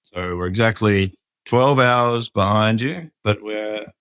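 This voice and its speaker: Low-voiced Australian farmer, plain-spoken. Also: male voice, slow, a bit bright, clean tone, dry recording. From Western Australia. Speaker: farmer and guest. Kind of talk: casual interview over a call.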